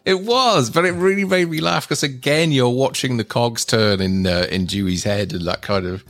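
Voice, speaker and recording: A man co-hosting a casual film review chat, relaxed and hesitant with frequent ums. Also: medium pitch, moderate pace. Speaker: podcast co-host. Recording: faint synth music behind.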